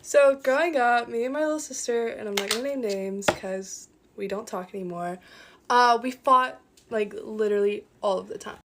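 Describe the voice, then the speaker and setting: A woman with a slightly high voice tells a get-ready-with-me storytime in a chatty, casual way. Faint noise sits behind her. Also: normal speed.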